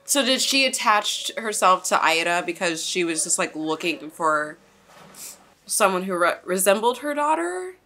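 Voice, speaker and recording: Animated woman reacting to anime. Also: on the low side, a little slow, faint music behind. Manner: chatty, exclamatory, swears, laughs often. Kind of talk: casual reaction commentary.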